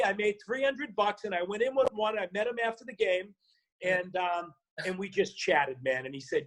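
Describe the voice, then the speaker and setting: A middle-aged man with a Boston accent, a podcast guest and actor, telling stories in an animated way, swearing freely and acting out the voices he quotes. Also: sits high, moderate pace, poor audio. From Boston area. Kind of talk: casual storytelling.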